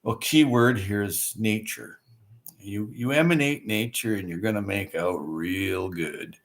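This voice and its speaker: Rambling folksy man with a low voice. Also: unhurried. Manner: rambling, folksy, with many fillers and repeated starts. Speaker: livestream host. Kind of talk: casual chat reading viewer comments.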